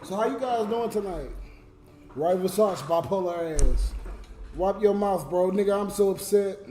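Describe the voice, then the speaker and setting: A man's voice: high-pitched, normal speed, dark tone, slight background noise. A drunk man livestreaming to his chat, crying and ranting in an emotional, slurred way. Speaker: livestreamer and YouTube comedian.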